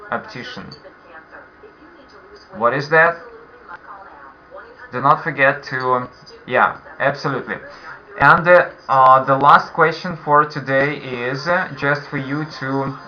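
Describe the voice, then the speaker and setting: Teaching an online English class for beginners, a man with a Russian accent and medium-pitched voice speaks unhurriedly, repeating questions patiently for his learners. The call audio is lo-fi and dull.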